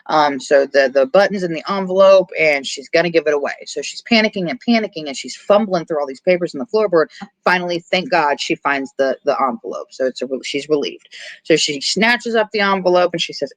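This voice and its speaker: A podcast host casually recapping a horror movie's plot, animated and quick to swear. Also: mid-range voice, dry recording, low-quality recording. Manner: animated storytelling, frequent swearing.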